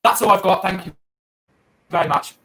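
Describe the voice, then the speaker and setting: A man's voice: high-pitched, steady tone, moderate pace, a bit bright, poor audio. A man doing crude, rambling improvised stand-up over an online call, full of fillers and hesitations. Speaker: stand-up comedian.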